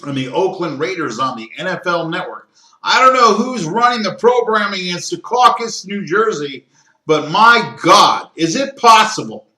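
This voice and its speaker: A man runs a solo sports podcast, talking through scores and his gripes in an opinionated, ranting way. His voice is bright and sits a little high, broken by fillers and throat-clearing. The room around him is noticeably echoey. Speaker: podcast host.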